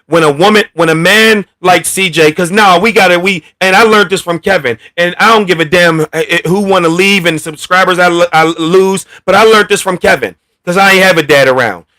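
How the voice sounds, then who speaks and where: A man hosting a casual commentary rant, blunt and profane, talking with animated energy. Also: sits high, a little fast, few pauses. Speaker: commentary channel host.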